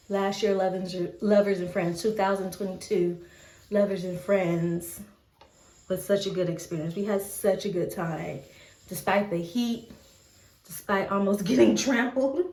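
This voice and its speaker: A woman vlogger telling a casual story, animated, acting out the people she quotes with gasps. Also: mid-range voice, roomy sound. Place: indoors, bathroom during hair care.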